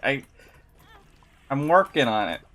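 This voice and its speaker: A woman's voice: a bass voice, very animated, takes it slowly, fairly bright tone. A woman streamer chatting casually while gaming, fumbling for words and giggling often.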